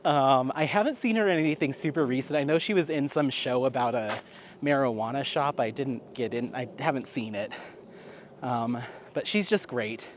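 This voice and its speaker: A man's voice: mid-range voice, moderate pace, slight background noise. A man vlogging in a casual chatty way, rambling with frequent laughs and fillers. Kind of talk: casual chat to camera.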